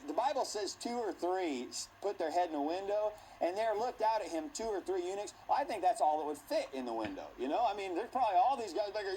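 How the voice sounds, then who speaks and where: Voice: mid-range voice, animated, brisk, few pauses, dark tone, slight background noise, low-quality recording. A Bible teacher telling a Bible story to a class in a playful, theatrical way, laughing and acting out the scenes.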